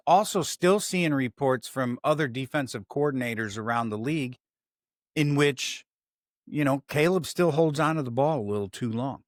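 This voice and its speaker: This Chicago-accented sports podcast host speaks at a medium pitch, rambling profanely through his casual talk show and interrupting himself. The sound is clean studio audio with no room sound.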